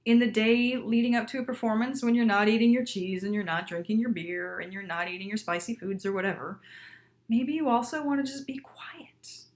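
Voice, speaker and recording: A woman in her thirties teaching singers in a casual video lesson, emphatic and lively, often checking in with "right?". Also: medium pitch, brisk, hardly any pauses.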